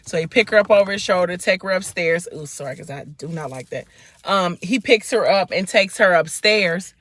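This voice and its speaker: A woman's voice: fairly low pitch, lively intonation, normal speed, fairly bright tone, no echo. A woman vlogger casually retelling a book's plot while eating in her car, chatting with lots of fillers. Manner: chatty storytelling with many fillers. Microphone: phone.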